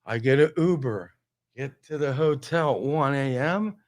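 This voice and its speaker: A man telling a casual, animated comic story on a talk show, full of exasperation. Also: mid-range voice, measured pace.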